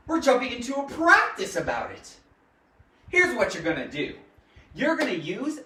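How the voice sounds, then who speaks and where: Speaking in a lowish, slightly bright voice, this grammar teacher and show host runs a giggly, jokey live lesson aimed directly at her audience. The mic sits at a distance, so her voice comes through off-mic in a room full of echo.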